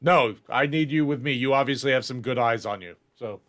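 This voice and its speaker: A man's voice: medium pitch, brisk, a bit bright, close to an everyday voice. A stern prison officer barks curt orders and scolds his men, as a man puts him on during a tabletop game. He sounds fed up with sloppy work, clipped and impatient.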